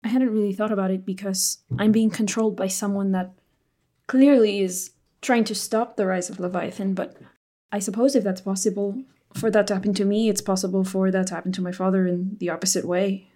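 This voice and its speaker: A woman voicing an earnest young noblewoman who speaks in a measured, thoughtful way about her father in a tabletop game. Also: mid-range voice, fairly even intonation, mellow, lightly acted.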